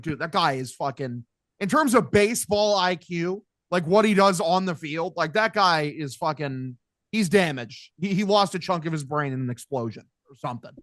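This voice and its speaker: A man hosts a sports podcast in casual chat, mocking and swearing freely. His voice sits a little high. He is recorded close and dry, with no room sound. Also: dry recording. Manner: profane, mocking, blunt. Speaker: podcast host.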